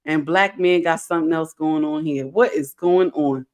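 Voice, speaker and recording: A middle-aged woman hosting a live stream, reading viewer comments aloud with animated, playful scolding. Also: low-pitched, moderate pace. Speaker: host.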